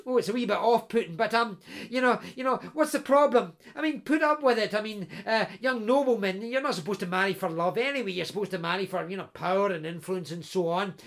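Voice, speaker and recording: A man puts on a boisterous young pal, chatty and nudging. The voice sits high and gravelly and pushes on in loud, teasing bursts. He jokes along like a friend in a tavern tale. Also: quick pace, hardly any pauses. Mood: jovial teasing.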